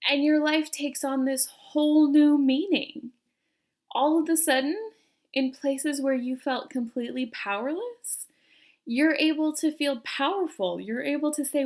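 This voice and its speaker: A woman's voice: high-pitched, moderate pace. A young woman coaching viewers in a self-help video, talking earnestly and asking them questions. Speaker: personality coach. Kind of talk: direct-to-camera self-help talk.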